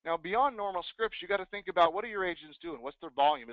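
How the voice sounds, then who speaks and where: A man giving an energetic motivational sales talk to real estate agents, acting out sample phone scripts. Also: sits high, quick pace, creaky, few pauses, no echo. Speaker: real estate team leader and speaker. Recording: dry, phone-like thin sound.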